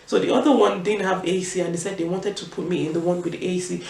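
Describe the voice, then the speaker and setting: A young Nigerian woman telling a personal story in a vlog, in an animated and emphatic way. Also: on the low side, fast talker, gravelly. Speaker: vlogger. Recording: roomy echo, distant mic, faint room noise.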